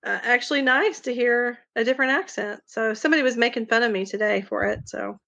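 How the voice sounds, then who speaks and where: Woman in her fifties, Southern accent, bright and forceful voice, slightly high, playful chatty guest. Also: fairly quick, creaky, no echo, dull audio. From Arkansas. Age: 50s. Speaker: podcast guest. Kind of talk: casual video call interview. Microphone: video call.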